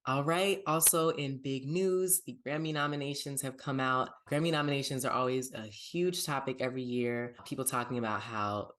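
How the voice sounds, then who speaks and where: A man hosting a casual pop culture podcast, with an upbeat, chatty delivery. His voice sits in a middle pitch for a man. He runs segments and plugs his social pages. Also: normal speed, few pauses, fairly bright tone. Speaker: podcast host.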